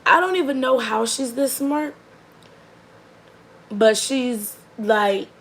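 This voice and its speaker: A young woman telling a funny story in a chatty, animated way with quick asides. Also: fairly high pitch, rough recording. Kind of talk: casual comedic storytelling.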